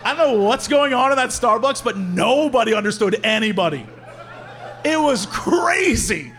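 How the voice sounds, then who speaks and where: A man's voice: sits high, fairly quick, a faint crowd. A man co-hosting a live comedy podcast, telling a funny story on stage and acting out the people in it. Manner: animated, acts out the people in his story. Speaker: podcast co-host.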